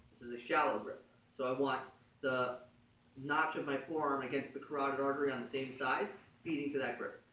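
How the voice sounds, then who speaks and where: Teaching a jiu-jitsu choke to a class at a martial arts gym, a man with a medium-pitched, fairly bright voice keeps things casual, cracks jokes, and checks in with "right?" again and again. The distant mic captures an echoey room.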